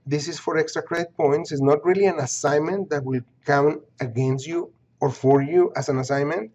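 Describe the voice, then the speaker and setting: A man's voice: a little high, a little mellow, lo-fi sound. A man teaching an online course, walking students through its pages step by step, repeating points and checking in with "okay?". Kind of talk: screen-recorded course walkthrough.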